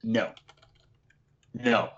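A man chatting easily on a podcast, full of ums, his voice often trailing off quietly. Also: lowish voice, fairly even intonation, extremely slow, dull audio. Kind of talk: casual chat, anecdote.

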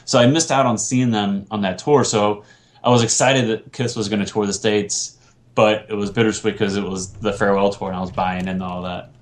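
A man's voice: fairly low pitch, fairly even intonation, a little fast. A man hosting a casual podcast chat, rambling with lots of fillers and restarts. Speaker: podcast host.

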